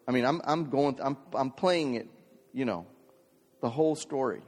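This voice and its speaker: A man's voice: mid-range voice, normal speed. A man preaching a sermon and telling a personal story, building to fervent preaching. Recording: long hall reverb.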